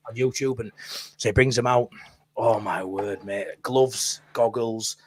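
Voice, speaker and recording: A man's voice: on the low side, steady tone, a little slow. A man with a Yorkshire accent telling a long story in casual chat, blunt and swearing freely. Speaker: podcast co-host.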